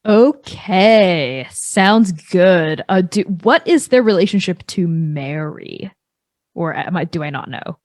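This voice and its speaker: A woman's voice: lowish voice, animated, darkish tone, no echo. A woman playing a tabletop role-playing game, talking loosely and rambling as she builds her character's story. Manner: loose, rambling, quick to laugh. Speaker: player. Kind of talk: casual tabletop play.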